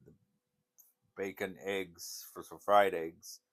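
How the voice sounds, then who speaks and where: Rambling older man with a deep voice. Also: level tone, takes it slowly. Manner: rambling, meandering storytelling. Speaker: vlogger. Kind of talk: casual chat.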